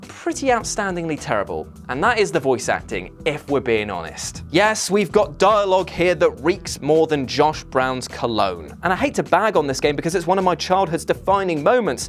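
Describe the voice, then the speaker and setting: A man hosting a gaming countdown video in a sardonic, jokey scripted style. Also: a little high. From Britain.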